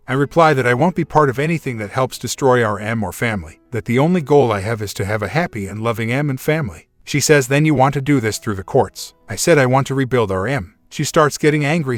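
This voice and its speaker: A man reading a first-person relationship story aloud in a steady, even way. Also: mid-range voice, no echo. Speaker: story reader. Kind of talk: scripted first-person narration.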